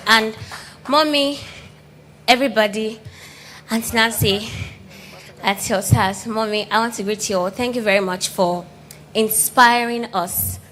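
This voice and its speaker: Woman, earnest thank-you speech, grateful, faint room hum, middle pitch. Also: fairly bright tone. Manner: earnest, grateful, addresses elders respectfully. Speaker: award recipient giving thanks.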